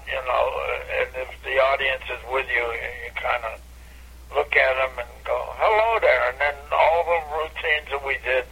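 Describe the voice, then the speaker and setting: Gravelly older man telling stage stories. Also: poor audio. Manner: animated anecdote teller, bursts into high catchphrase. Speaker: comedian guest. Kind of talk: casual radio interview storytelling.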